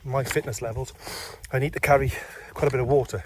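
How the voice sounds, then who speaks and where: A man's voice: mid-range voice, fairly even intonation, fast. Man, casual vlog, rambling and self-mocking, outdoors, talking into a phone, faint background noise. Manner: chatty, rambling, self-deprecating. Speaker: amateur radio vlogger. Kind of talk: casual hiking vlog narration. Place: outdoors on a windy hillside. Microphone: handheld phone.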